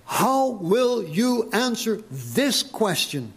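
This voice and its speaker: A man preaching a sermon to his congregation, slow and deliberate, pressing his listeners with emphatic questions. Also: sits high, sing-song, slightly rough. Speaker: pastor.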